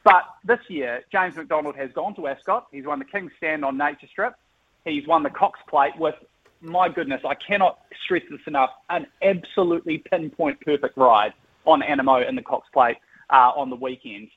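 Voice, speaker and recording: A man's voice: a little high, normal speed. A man, a sports journalist, talking emphatically in casual sports chat. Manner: emphatic, animated, says "mate" and "look". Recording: tinny phone line.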